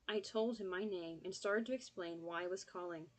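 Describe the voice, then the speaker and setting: A woman reading an audiobook in steady, scripted narration. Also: on the low side, moderate pace, hardly any pauses, rough recording.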